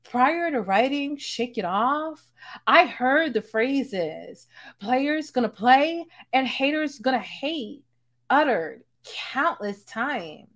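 A woman voicing a prim young pop-star woman who reads out a statement slowly and carefully. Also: high-pitched, expressive, a bit bright, voice pushed up, full character voice.

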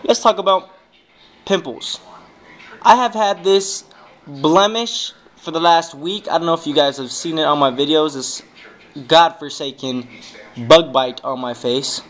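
Young man, DJ vlogger, bright sharp tone, high voice, rambling, playful, profane. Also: a little slow. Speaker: DJ and club promoter. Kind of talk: casual vlog talk.

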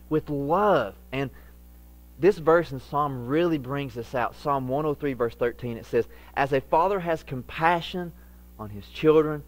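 A middle-aged male pastor preaching a sermon, lively and acting out the voices he quotes. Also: medium pitch, poor audio. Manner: animated, acts out quoted voices.

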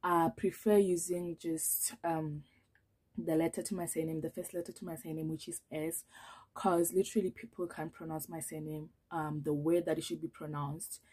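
A woman's voice: low voice, level tone, normal speed, a little mellow, slightly rough. A young woman from Africa, chatting nervously to camera as she introduces herself on her vlog. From South Africa. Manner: nervous, chatty, many fillers. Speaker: vlogger. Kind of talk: casual chat to camera.

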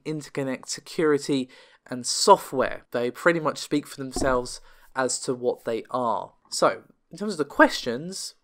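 A man hosting a solo tech news show, talking quickly and chattily, his voice still a bit worn from being under the weather. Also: mid-range voice, fairly bright tone. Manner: quick, chatty, reads figures aloud with self-corrections.

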